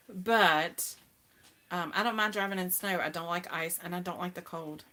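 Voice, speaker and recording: At a measured pace and with fairly even intonation, a middle-aged woman with a lowish voice runs a relaxed live-stream chat. She's chatty, laughs a lot, and welcomes viewers brightly as she talks with them.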